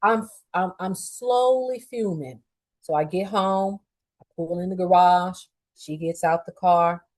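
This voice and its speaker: A woman's voice: fairly low pitch, unhurried. A middle-aged woman hosting a podcast, telling a personal story in a candid, profane and heated way, upset after a day of crying. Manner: candid, profane and heated, swinging between quiet fuming and loud outbursts. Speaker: podcast host.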